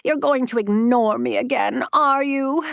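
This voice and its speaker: A woman voicing a haughty young female ghost with a high-pitched, nasal voice and a scornful manner. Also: measured pace, gravelly, clean tone, no room sound, clean studio sound. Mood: indignant.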